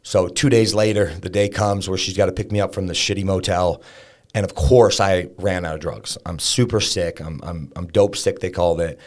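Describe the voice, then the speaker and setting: A man's voice: low-pitched, steady tone, moderate pace. A man in his thirties, a podcast guest, candidly telling a personal story in a conversational way, full of fillers and restarts.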